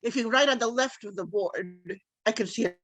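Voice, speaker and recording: A woman's voice: on the high side, moderate pace, a bit bright, no room sound. Woman on a video call, dry sound. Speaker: student joining remotely.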